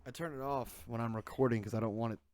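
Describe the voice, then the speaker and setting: A young man hosts a solo podcast from a small room on a desk microphone, ranting casually in a rambling, sarcastic way and hopping between tangents. His voice is medium-pitched, steady, quick and somewhat dark.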